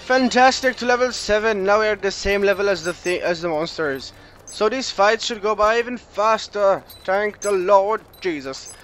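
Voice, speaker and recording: A young man giving casual, goofy commentary while playing a video game, chatting and reacting out loud to the game. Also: sits high, moderate pace, faint music behind. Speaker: let's play gamer.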